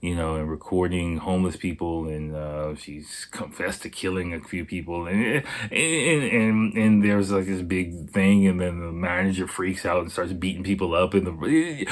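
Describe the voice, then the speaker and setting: A man with a deep, low-pitched voice hosting a podcast solo. He talks in a loose, rambling way, swearing freely and circling back with fillers and restarts. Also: moderate pace, hardly any pauses. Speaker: podcast host. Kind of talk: casual rambling monologue.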